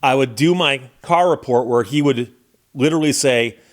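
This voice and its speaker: A man's voice: medium pitch, moderate pace. A middle-aged American man, a lawyer and YouTube host, speaking in a somber, reflective casual monologue with frequent restarts. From United States.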